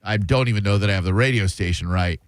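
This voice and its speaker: A man's voice: on the low side, fast talker, no echo. A man hosting a radio show, telling rambling, self-mocking stories in casual talk from a studio.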